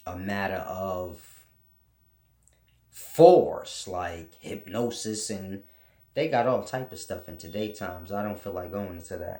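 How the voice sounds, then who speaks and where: A man's voice: on the low side, a little mellow, echoey room. A man hosting his own channel, delivering a casual, preachy monologue full of blunt, profane rants. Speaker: channel host teaching spiritual ideas.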